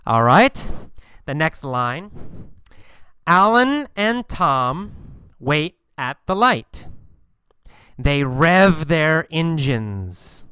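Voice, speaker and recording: A man teaching English vocabulary, explaining slang slowly and patiently, repeating words and examples and acting out lines with sudden bursts of energy. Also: a little high, very animated, pushed and bright, clear, resonant tone, dry recording. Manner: acts out lines and engine sounds with bursts of volume.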